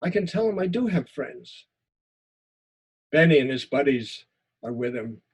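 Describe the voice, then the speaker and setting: Husky-voiced man reading his story. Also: mid-range voice, measured pace. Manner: expressive reading, repeats words in tense moments. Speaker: writing teacher. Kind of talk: lecture and reading a memoir story aloud.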